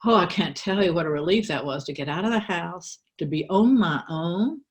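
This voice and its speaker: An older woman telling a personal story aloud, in a wry, candid way with pauses and restarts. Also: fairly low pitch, expressive. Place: church.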